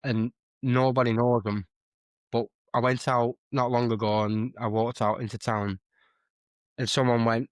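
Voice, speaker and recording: A man's voice: mid-range voice, flat delivery, normal speed, smooth, dry recording. A young man, chatting casually as a podcast guest and telling rambling, self-correcting stories. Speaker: guest streamer and musician.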